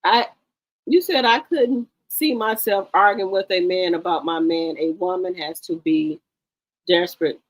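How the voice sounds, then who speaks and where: A woman's voice: on the low side, a little slow, rough recording. An older woman, hosting a casual gossip chat in a sassy, profane, emphatic way. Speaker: talk show host.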